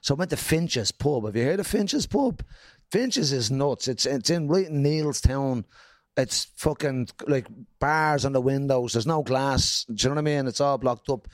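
A man's voice: mid-range voice, expressive, normal speed, no room sound, studio quality. A man with a Dublin accent, a comedian guest telling stories in casual chat, swearing freely and acting out quotes. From Ireland.

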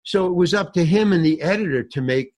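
An older man with a somewhat high voice tells an animated story, his pitch bouncing all over as he plays out every character. He laughs mid-sentence and swears casually, like a seasoned storyteller in an interview. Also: a little fast. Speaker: guest actor telling a story. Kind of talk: animated anecdote with acted-out quotes.

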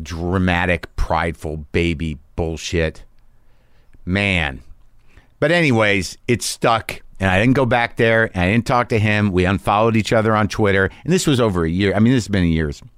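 A man's voice: medium pitch, dry recording, studio quality. A middle-aged man delivering a rambling, profane, self-deprecating monologue as a podcast host. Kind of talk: casual monologue.

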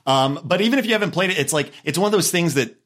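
Male co-host, animated swinging pitch, joking banter, shared mic. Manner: jokey, quick banter, full of "like". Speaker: podcast co-host. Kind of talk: casual podcast chat. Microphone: shared microphone.

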